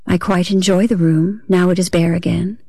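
A woman's voice: fairly low pitch, vocal fry, breathy edge, no room sound, studio quality. Woman reading a first-person story aloud. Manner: measured, expressive reading. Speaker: reader. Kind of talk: literary first-person audiobook narration.

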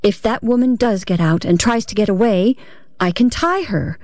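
A woman narrates a literary story in the first person, measured and expressive. Her voice sits at a middle pitch, neither high nor low. The sound is close and dry, with no room echo. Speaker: reader.

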